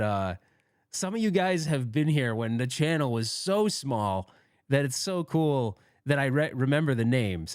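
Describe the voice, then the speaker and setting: Lively rambling man hosting a livestream. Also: mid-range voice, no room sound, clean studio sound. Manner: rambling, self-deprecating, laughs often, friendly banter. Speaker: livestream host. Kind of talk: casual livestream chat, reading out viewer comments.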